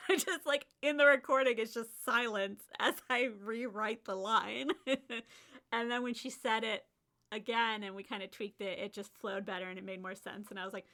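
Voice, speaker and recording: A woman's voice: a little high, fairly even intonation, normal speed, bright, forceful tone. A woman hosting a casual solo podcast about writing, chatty, often laughing and acting out her own lines. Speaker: podcast host and author.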